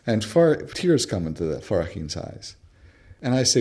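A man's voice: on the low side, very animated, measured pace, dark tone. A male anthropologist, a guest on a radio interview, telling stories animatedly with frequent fillers and restarts. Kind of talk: casual radio interview storytelling.

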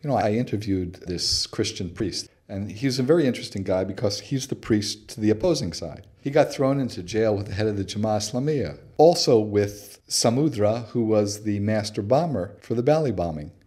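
Man guest, low and mellow voice, storyteller who acts out quotes, loose with "uh". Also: animated, moderate pace, few pauses, breathy edge. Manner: anecdotal, acts out quoted dialogue, frequent "uh" fillers. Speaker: interview guest, researcher. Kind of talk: conversational storytelling interview.

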